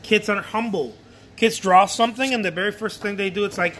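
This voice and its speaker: A man's voice: high-pitched, a little fast, a little hiss or hum. A painter whose first language is Spanish, chatting casually and animatedly in his studio and acting out other people. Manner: animated, repeats himself, acts out other people. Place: art studio.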